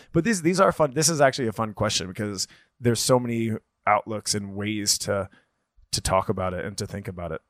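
A man's voice: on the low side, normal speed, a bit bright, dry recording, clean studio sound. A man in his thirties co-hosting a podcast, chatting casually with lots of fillers and restarts. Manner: rambling, hesitant, many fillers and restarts. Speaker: podcast co-host. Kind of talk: casual chat.

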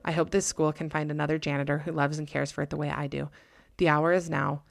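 A man's voice: a little high, level tone, fast talker, gravelly, no echo, studio quality. A woman reading the farewell letter of a grieving lonely school janitor in a formal, solemn voice. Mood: despairing.

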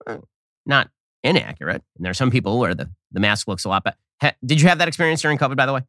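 Rapid-fire sardonic male commentator. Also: mid-range voice, animated, fairly bright tone, dry recording, studio quality. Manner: rapid, sardonic, many quick restarts. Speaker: political commentary host. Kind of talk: fast opinion monologue.

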